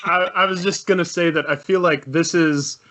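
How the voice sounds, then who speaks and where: A man's voice: a little high, steady tone, moderate pace, a bit bright. A man co-hosting a casual music review podcast, rambling and repeating words as he makes his point. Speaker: podcast co-host reviewing an album. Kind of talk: casual chat.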